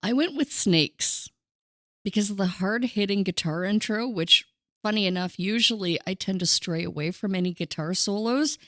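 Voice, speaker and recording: A woman's voice: mid-range voice, moderate pace, no echo, clean studio sound. A woman co-hosting a podcast, chatting playfully about music. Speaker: podcast co-host. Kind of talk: casual music chat.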